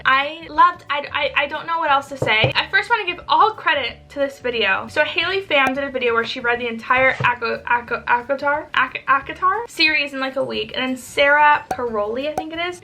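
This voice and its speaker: A woman vlogger chatting casually on camera, excitable and rambling as she gushes over what she has read. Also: high-pitched. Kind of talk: casual reading vlog chat.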